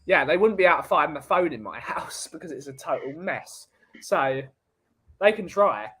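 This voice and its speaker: A man hosting a laid-back podcast, telling rambling jokey stories. His voice sits a little high for a man. He talks in a loose, chatty way. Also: expressive, moderate pace, fairly bright tone, husky. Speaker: podcast host. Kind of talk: casual chat.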